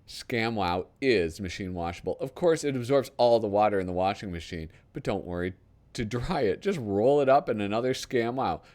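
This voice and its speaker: Guy doing a pushy tv pitchman, low voice swinging all over, hard sell. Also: animated, moderate pace, a little mellow, close to an everyday voice. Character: brash fast-talking male TV pitchman. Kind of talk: reading a parody ad aloud.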